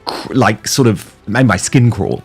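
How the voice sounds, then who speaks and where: A man's voice: fairly low pitch, a little slow, breathy edge, faint music behind. A man hosting a talk show, sardonic and hedging. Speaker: host.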